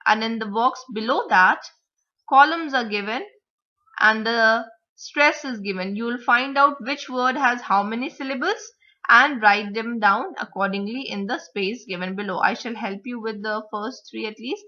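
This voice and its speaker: A woman teacher explaining vocabulary, word stress and grammar, repeating example words slowly to model the stress. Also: a little high, sharp tone. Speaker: English teacher. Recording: dull lo-fi recording.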